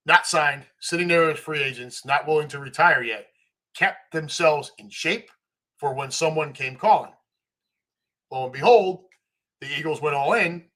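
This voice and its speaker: Animated bright-voiced man ranting about football. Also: mid-range voice. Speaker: podcast host reading live chat. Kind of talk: casual sports chat.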